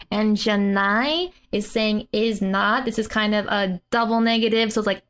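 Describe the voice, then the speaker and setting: A woman's voice: medium pitch, fairly even intonation, a little slow, few pauses, fairly bright tone, clean tone. A woman teaching a casual language lesson from a comic, laughing often as she explains.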